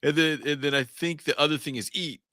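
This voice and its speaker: A man co-hosting a podcast, telling animated stories and acting out quotes. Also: a little high, quick pace, clear, resonant tone, no room sound, clean studio sound. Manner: animated storyteller, acts out quotes. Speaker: podcast co-host. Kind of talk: casual podcast chat.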